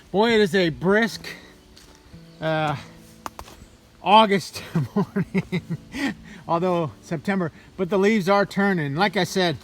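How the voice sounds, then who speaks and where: A man talking casually while hiking a mountain trail, a little out of breath, telling a story in an animated way. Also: fairly high pitch. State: slightly out of breath. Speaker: hiker vlogger.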